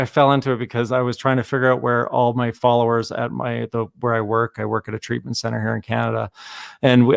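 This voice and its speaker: A man hosting a podcast in casual conversation, enthusiastic and a bit halting. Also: medium pitch, gravelly, no echo, clean studio sound. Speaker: podcast host. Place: works in Canada.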